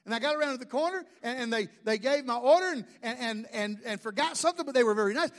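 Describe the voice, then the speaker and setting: A man's voice: extremely high pitch, animated, fast talker, few pauses. A man, a pastor, preaching a sermon with jokes and asides to the congregation.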